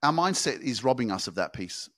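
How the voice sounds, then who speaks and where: A man hosting a motivational podcast, speaking with intense, profane emphas and swinging between hushed and shouting. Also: mid-range voice, very animated, fairly quick. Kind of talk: motivational monologue.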